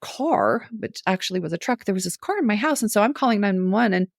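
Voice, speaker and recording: Speaking fast in a mid-range voice, a middle-aged woman guesting on a podcast shares a personal story conversationally, animated, laughing a lot and acting out how she reacted. The studio sound is clean with no echo.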